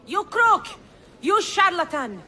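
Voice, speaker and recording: A woman's voice: very high-pitched, sing-song, slow, slight background noise, exaggerated voice. A fierce, accusing young woman. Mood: furious. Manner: shouting accusations.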